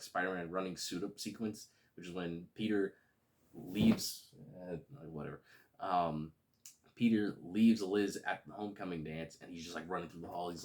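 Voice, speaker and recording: A man casually reviewing a movie, relaxed and rambling with lots of fillers. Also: deep voice.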